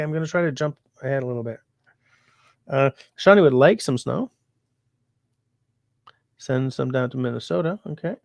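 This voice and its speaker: A man's voice: medium pitch, gravelly, darkish tone, dry recording, studio quality. A sick man hosting a livestream from home, chatting casually and reading viewer comments aloud in a rambling, easygoing way. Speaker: livestream host.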